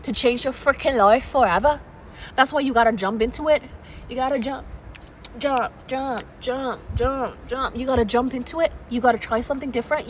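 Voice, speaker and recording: A woman YouTuber giving a playful, emphatic motivational talk on an outdoor balcony. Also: high-pitched. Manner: energetic, playful, emphatic repetition. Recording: noisy outdoor ambience with traffic.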